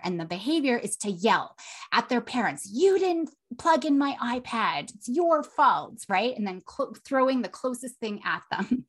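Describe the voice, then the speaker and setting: Woman explaining with a lively, animated voice. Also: mid-range voice. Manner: animated, acts out children's lines, asks "right?" often. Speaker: podcast host and child therapist. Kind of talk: educational podcast talk.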